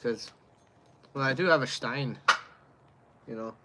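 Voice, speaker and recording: A man's voice: mid-range voice, measured pace, very noisy. A man with a Canadian accent, chatting casually and hesitantly as he reviews a beer on a livestream. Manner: rambling, hesitant, chuckling.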